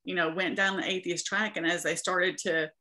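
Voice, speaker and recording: A woman's voice: lowish voice, fairly even intonation, normal speed, pushed and bright. A woman guest in an interview, sharing her faith story in an earnest, preaching manner.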